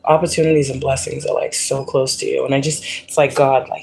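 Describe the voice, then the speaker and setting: A woman's voice: rumbling low, level tone, brisk, vocal fry, few pauses, darkish tone, husky. A woman hosting a spiritual livestream, talking casually and animatedly, repeating herself and often breaking into laughter. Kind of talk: casual spiritual pep talk.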